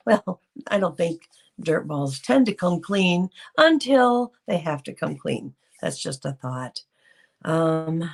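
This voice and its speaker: A woman's voice: fairly low pitch, animated, slow, gravelly. A woman hosting a casual live reaction stream, talking unscripted with many ums and greeting viewers in the chat. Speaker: livestream host.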